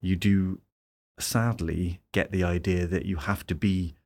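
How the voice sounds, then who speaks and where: A man's voice: low voice, fairly even intonation, unhurried, a little mellow. A man being interviewed as an education leader, speaking in a reflective, anecdotal way. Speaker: school trust leader, guest. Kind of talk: conversational interview.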